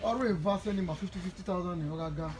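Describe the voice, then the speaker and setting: A man's voice: sits high, very fast, a little hiss or hum, low-quality recording. A Nigerian man, founder of a charity, speaking earnestly and repetitively to supporters on a live video and blessing them often.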